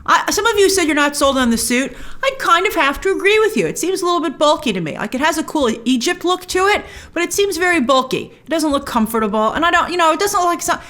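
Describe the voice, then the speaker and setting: A woman's voice: sits high, lively intonation, quick pace, hardly any pauses, a bit bright. A woman hosting a trailer breakdown, chatting enthusiastically with lots of restarts. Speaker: host.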